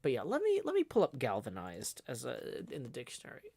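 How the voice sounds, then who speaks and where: A man's voice: medium pitch, huge pitch swings, fairly quick, creaky, background noise. A man hosting a casual livestream, talking in a rambling, irritated way with many restarts. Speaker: livestream host.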